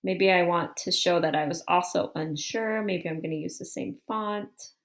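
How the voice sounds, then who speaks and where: A woman teaching a writing lesson, thinking aloud in a calm, explanatory way as she walks through an example on screen. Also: on the low side, normal speed.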